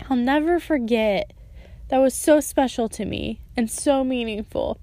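A woman's voice: fairly high pitch, a little mellow, no room sound. A young woman sharing a personal faith testimony in casual, earnest storytelling, her speech full of "like" and "and so". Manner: earnest and emotional, with frequent "like" and "and so".

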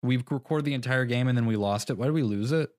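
A man's voice: mid-range voice, quick pace, darkish tone, no echo, clean studio sound. A young man co-hosting a podcast in casual chat, rambling through a story, restarting his sentences and laughing at himself. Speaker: podcast co-host.

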